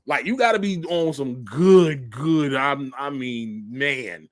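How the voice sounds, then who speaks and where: A man's voice: medium pitch, takes it slowly. A man reading news headlines aloud and adding sarcastic commentary, laughing often. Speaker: commentary vlogger.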